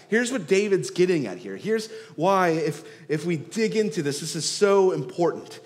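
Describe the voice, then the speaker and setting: A man preaching a sermon, rising loud on key phrases and dropping soft and slow to draw them out. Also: a little high, expressive. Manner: swells and drops in loudness for emphasis, slows on key words. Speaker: pastor. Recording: long hall reverb.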